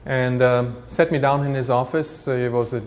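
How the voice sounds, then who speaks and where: A man's voice: mid-range voice, fairly even intonation, normal speed. Earnest German-accented man telling his story. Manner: earnest, reflective, with restarts. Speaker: guest recounting his life. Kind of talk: personal testimony.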